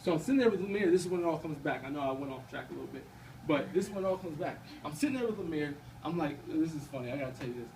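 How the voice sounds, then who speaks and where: A man's voice: a little high, animated, very fast, darkish tone. A man in his twenties gives a casual, conversational personal faith testimony at a campus ministry event, often checking in with the audience. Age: 20s. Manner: casual and conversational, often asking "you know what I mean". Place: event room at a campus gathering. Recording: distant mic with faint background noise.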